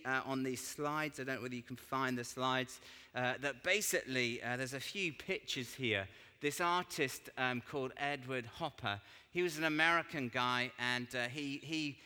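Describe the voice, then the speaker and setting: Man, church speaker, informal sermon, chatty and self-deprecating, bright voice, long hall reverb. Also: mid-range voice, smooth.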